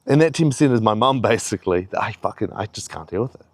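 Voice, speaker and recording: A man's voice: fairly low pitch, lively intonation, fast talker, no room sound. A young man giving a rambling, heavily profane pep talk in a casual vlog, a little out of breath. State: slightly out of breath. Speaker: fitness vlogger.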